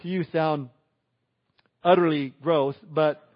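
A man's voice: fairly high pitch, steady tone, slow. Man preaching a casual sermon, dull audio. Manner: conversational preaching with chuckles and asides. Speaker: pastor.

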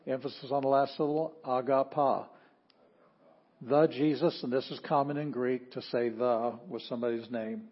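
A man teaching an informal Greek class, patient and halting, often pausing with ums and sounding out words slowly. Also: medium pitch, breathy edge, highs cut off.

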